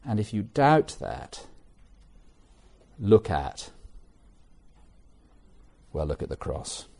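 A middle-aged English man preaching a sermon, animated and conversational with self-mocking asides. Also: on the low side, extremely slow, gravelly. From England.

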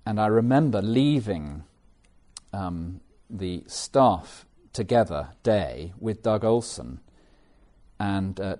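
Mellow-voiced English man preaching. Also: fairly low pitch, takes it slowly. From England. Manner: animated, conversational, with self-mocking asides. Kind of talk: sermon.

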